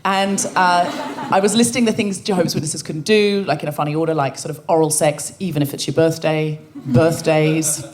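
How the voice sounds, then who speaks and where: A woman co-hosting a comedy podcast, telling wry, animated stories to a live audience on a stage microphone. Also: deep voice. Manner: wry, animated, quick to joke and quote others. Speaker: podcast co-host.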